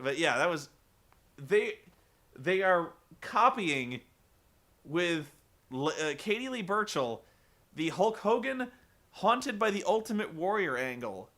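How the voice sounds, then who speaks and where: A man hosting a casual comedic wrestling recap, animated, laughing and swearing casually. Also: high voice, takes it slowly, long pauses.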